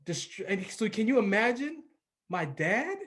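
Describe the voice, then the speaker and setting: A man in his forties from California talks in a high, light voice as a podcast guest. He speaks earnestly and with emphasis and tells his story in a relaxed, conversational way. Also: a little slow. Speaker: radio personality, podcast guest. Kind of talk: casual conversation, personal storytelling.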